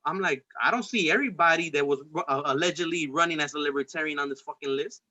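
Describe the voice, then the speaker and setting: Pitched fairly high, this male podcast host sounds expressive and sharp, speaking a little fast. He rambles through a casual political conversation, heated and profane, restarting often. The lo-fi recording sounds dull.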